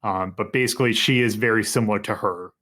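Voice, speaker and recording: A man narrating as game master of a tabletop game in a halting, meandering way. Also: fairly low pitch, sharp tone.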